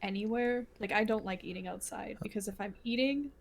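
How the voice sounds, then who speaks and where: A woman's voice: mid-range voice, fairly quick, creaky, a little hiss or hum. A woman co-hosting a podcast in casual chat, rambling with many fillers and restarts. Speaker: podcast co-host.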